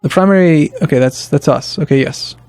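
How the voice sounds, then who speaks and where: A man talks through a strategy game for his channel, reasoning aloud, stumbling over restarts, then perking up. His voice sits a little high, and the recording is dry and close. Soft game music plays underneath. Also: a little fast, no echo. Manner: thinking aloud, hesitant restarts, bursts of excitement. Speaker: let's play host. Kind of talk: casual gameplay commentary.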